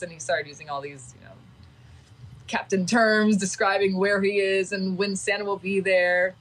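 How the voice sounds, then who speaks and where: A woman chatting on a casual livestream with a slightly low voice, gushing and sentimental as she goes. She talks straight to her viewers in a loose, unscripted way. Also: brisk, a bit bright, slight background noise, low-quality recording.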